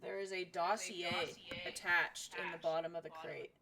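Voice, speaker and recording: A woman's voice: fairly low pitch, level tone, normal speed, gravelly, crowd noise. A woman narrating as game master of a tabletop role-play game, describing actions plainly in the present tense.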